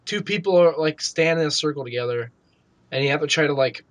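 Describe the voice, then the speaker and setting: The recording is dry, and the speaker, a fairly high-pitched man from Pennsylvania, talks fairly quickly. Co-hosting a gaming podcast, he keeps the chat casual and loose, full of fillers and swearing, punctuated by loud mock shouts.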